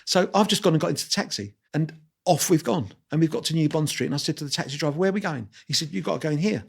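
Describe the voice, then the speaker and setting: An older man in his sixties, a guest swapping stories on an interview show. He rattles along at a rapid clip, acting out the other people's lines and laughing at himself as he goes. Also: a little high, gravelly, slightly rough. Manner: lively anecdotal storyteller, acts out dialogue; self-deprecating, laughs while talking. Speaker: guest photographer. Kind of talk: storytelling interview.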